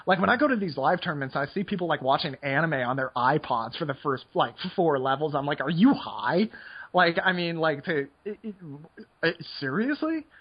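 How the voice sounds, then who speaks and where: A young man with a slightly raised, husky voice rambles through casual poker talk, leaning on "like" at every turn. The recording sounds dull and lo-fi. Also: on the high side, expressive, fairly quick. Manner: rambling, filler-heavy with frequent "like". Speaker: poker player. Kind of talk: casual podcast chat.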